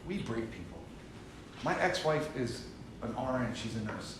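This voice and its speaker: A man's voice: medium pitch, big pitch swings, moderate pace. Give me an emphatic man leading a group talk, recorded from afar in an echoey room. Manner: emphatic, repeats for stress. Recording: echoey room from far off with hiss.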